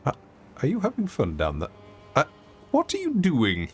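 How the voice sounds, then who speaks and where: A man's voice: on the high side, huge pitch swings, moderate pace, soft background music. A man with an English accent giving wry, theatrical commentary while streaming a game. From England. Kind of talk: casual gameplay commentary.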